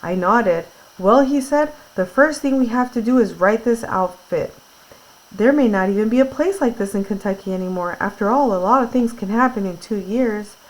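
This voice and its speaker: This classroom read-aloud features a woman teacher with a mid-range voice at normal speed, reading a book and then going over it in simple, casual words with fillers. The recording sounds rough.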